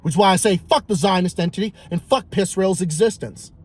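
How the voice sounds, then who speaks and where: High-voiced man in a heated rant. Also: fairly quick, darkish tone, slightly rough. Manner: heated, profane, repetitive ranting. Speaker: vlogger. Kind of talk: ranting monologue.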